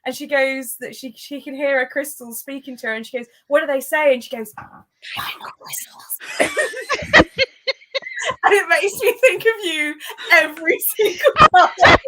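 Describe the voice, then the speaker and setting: A woman telling stories in a casual chat with friends over a video call, animated and laughing often. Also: high-pitched, moderate pace, slight background noise.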